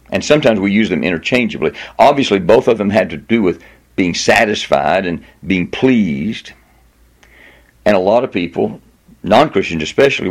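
Emphatic preaching man. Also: lowish voice. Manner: emphatic preaching, slowing and lifting on key words; reads scripture aloud with stress on repeated words. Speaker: pastor. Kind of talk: sermon.

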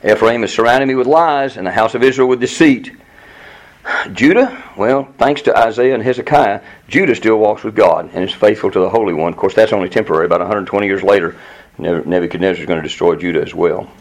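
A man's voice: fast talker, poor audio. A man teaching through a Bible book verse by verse, earnest and emphatic, reading passages aloud and explaining them to a class. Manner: earnest, emphatic, rises in pitch on quoted pleas.

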